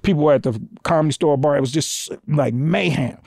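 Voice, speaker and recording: A man's voice: normal speed, creaky, no room sound, studio quality. A man guest on a podcast telling a story in a casual way, acting out the voices of the people in it and swearing freely. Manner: animated, acts out quoted voices with big pitch jumps, swears freely.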